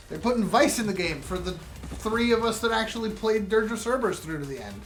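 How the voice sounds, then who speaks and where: A young man chats casually while playing a co-op game, excitable and quick to laugh. His voice sits fairly high for a man. He talks like a gaming co-host hanging out with a friend. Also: soft background music. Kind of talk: casual chat during co-op gameplay.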